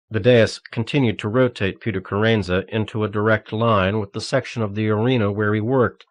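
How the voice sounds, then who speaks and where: A man narrating an audiobook thriller in a steady, measured reading. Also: on the low side, dry recording.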